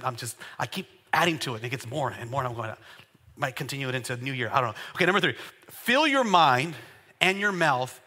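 Male pastor, high bright voice, lively sermon in a reverberant church hall. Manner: call-and-response preaching, builds to loud exclamations. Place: church sanctuary.

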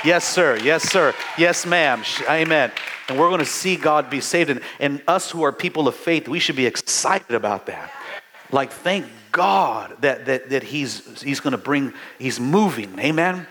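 A man's voice: medium pitch, animated, unhurried, fairly bright tone, slight background noise. A middle-aged man, a pastor, preaching a fervent sermon in a church, calling out to the congregation and restarting his phrases. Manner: fervent, call-and-response preaching with many restarts.

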